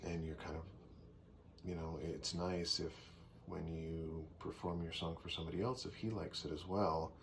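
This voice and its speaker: A man casually teaching songwriting, thinking aloud and sometimes clearing his throat. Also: low-pitched, steady tone, moderate pace. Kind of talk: casual teaching with sung demonstrations. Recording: faint background noise.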